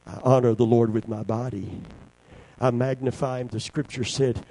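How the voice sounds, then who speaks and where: An older man preaching a sermon, swinging from shouted lines to hushed, quiet passages. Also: mid-range voice, steady tone, normal speed, poor audio.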